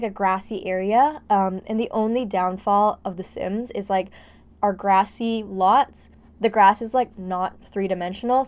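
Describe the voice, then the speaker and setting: In a slightly mellow, mid-range voice, this young woman narrates her building-game session for a vlog. Her talk is loose and chatty, heavy on "like," and she comes across as a touch breathless and buzzing from caffeine.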